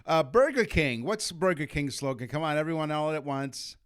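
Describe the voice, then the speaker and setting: A man's voice: a little high, expressive, moderate pace, a bit bright, clear, resonant tone. A middle-aged man from Canada co-hosting a trivia podcast, reading facts and cracking puns in casual chat. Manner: jokey, reads trivia with puns. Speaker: podcast co-host.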